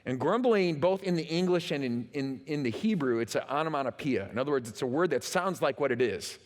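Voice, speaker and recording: With lively intonation and a fairly quick pace, a pastor's slightly high voice ranges widely in pitch as he acts out quotes and stresses repeated words. His sermon echoes through a big church auditorium.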